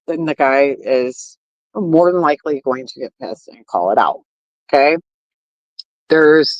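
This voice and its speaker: A commentary streamer with a low-sitting voice rants casually to her viewers, speaking to them directly in a blunt way packed with swearing and fillers. The audio is dry, dull lo-fi stream sound.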